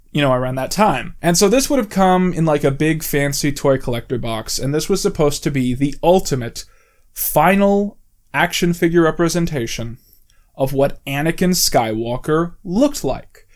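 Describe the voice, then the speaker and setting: A man talking off the cuff into a close mic, explaining at length in a casual, rambling way with many "you know"s and "like"s. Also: fairly high pitch. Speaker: video essay host.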